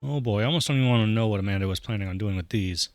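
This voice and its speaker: A man's voice: on the low side, rapid-fire, no echo, clean studio sound. A man hosting a playthrough, reading the dialogue of a dad dating game with jokey asides. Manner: animated, jokey, voices the player dad with warmth. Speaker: let's play host.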